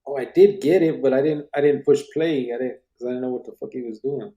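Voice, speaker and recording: A man hosts a podcast and reads viewer comments aloud in relaxed chat. His voice sits at a middle pitch, and he laughs often and slips Spanish slang into his talk. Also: fast talker. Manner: laid-back, laughs often, drops Spanish and barrio slang. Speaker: podcast host. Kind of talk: casual chat reading live comments.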